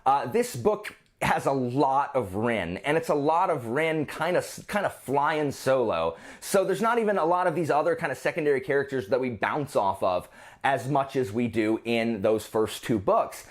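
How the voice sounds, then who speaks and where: Guy rambling thru a book review vlog, pitch bouncing all over, keeps restarting his sentences. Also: animated, moderate pace. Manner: rambling, self-interrupting, frequent restarts.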